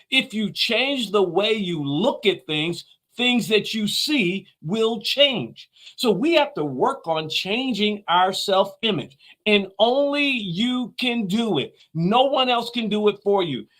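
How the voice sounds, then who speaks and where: High-voiced man giving an emphatic motivational talk. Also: big pitch swings, takes it slowly, fairly bright tone. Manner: emphatic, repeats key phrases. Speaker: motivational speaker.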